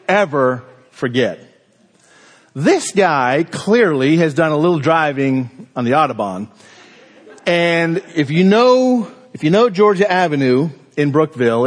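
A man preaching a sermon, telling a personal story in an animated, conversational way. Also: on the high side, long reverb tail. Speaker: pastor.

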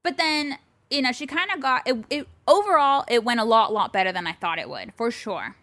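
A woman's voice: a little high, animated, brisk, bright, forceful tone, dry recording. A woman co-hosting a podcast in casual chat, telling a story with animation and acting out both sides of a phone call. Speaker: podcast co-host. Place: bedroom.

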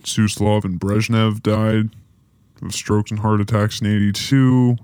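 A man's voice: on the low side, little pitch movement, a little slow, darkish tone, clean tone, no echo. A man hosting a podcast, reading through a history timeline and breaking off with offhand, joking asides. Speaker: podcast host. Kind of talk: casual podcast history rundown.

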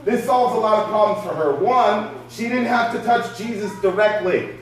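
Preacher with a high voice in an echoey hall. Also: male voice, normal speed, recorded from a distance. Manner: conversational preaching with rhetorical questions. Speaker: pastor. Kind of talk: sermon.

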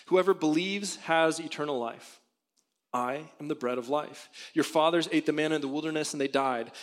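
Preaching man in a reverberant sanctuary. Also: fairly high pitch. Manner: earnest, conversational preaching with rhetorical questions. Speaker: pastor. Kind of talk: sermon. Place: church sanctuary. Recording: long hall reverb.

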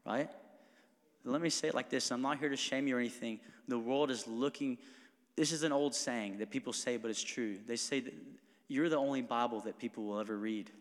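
A pastor delivering a sermon in a casual, animated manner, often breaking into quick laughs between points. His voice sits at an ordinary middle pitch for a man. It carries a long hall reverb from the church sanctuary. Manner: conversational, animated, laughing asides.

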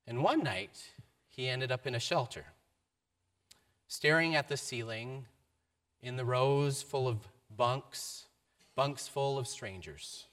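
A man giving a sermon, telling a story with varied emphasis and a mid-pitched voice. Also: slow, long pauses, fairly bright tone. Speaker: preacher.

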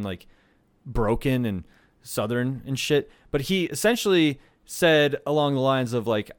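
A man co-hosting a podcast, telling a story in a rambling, profane, animated way. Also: medium pitch, moderate pace, no echo, clean studio sound. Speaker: podcast co-host. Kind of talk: casual storytelling chat.

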